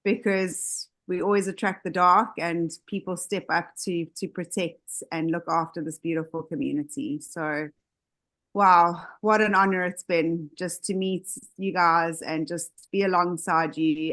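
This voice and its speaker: A woman with a somewhat low voice speaks over a video call. She is earnest and idealistic, and she chooses her words slowly and deliberately. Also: steady tone, fairly bright tone. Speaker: community leader. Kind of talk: inspirational speech on a video call.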